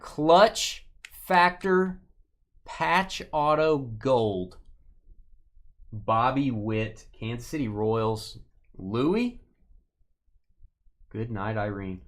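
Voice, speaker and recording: A man's voice: mid-range voice, expressive, drawn-out words, pauses often. A man hosting a live sports card break, joking with viewers by name and stretching out player names as he calls each card. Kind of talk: casual live-stream commentary.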